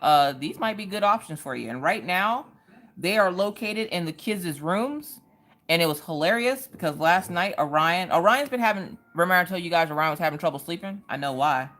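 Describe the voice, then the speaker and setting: A talkative woman runs a relaxed livestream, telling stories and greeting viewers by name. Her voice sits low but swings up and down a lot as she talks. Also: moderate pace. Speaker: livestream host. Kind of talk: casual livestream chat.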